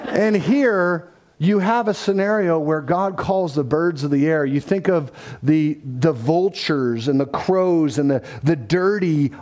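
Middle-aged male pastor with a slightly high voice; animated, storytelling sermon delivery. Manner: storytelling, animated, acts out quotes. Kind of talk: sermon teaching on scripture.

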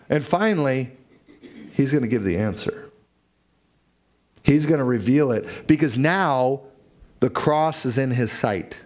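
A man preaching a sermon, telling stories and acting out quoted voices. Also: unhurried. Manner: animated storytelling, acts out quotes with raised pitch. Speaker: pastor.

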